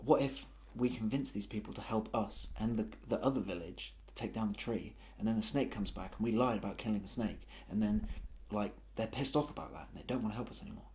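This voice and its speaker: Lower-voiced man chatting as a player. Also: fast talker, hardly any pauses, darkish tone. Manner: chatty, rambling. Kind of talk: casual game talk.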